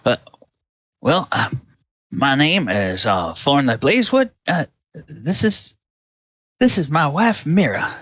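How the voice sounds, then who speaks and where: A man's voice: a little high, very animated, slow, long pauses, fairly bright tone, no echo, lo-fi sound, pitched above the performer's own voice, full character voice. A man doing a bumbling country farmer. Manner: hesitant folksy drawl. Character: simple older male country farmer.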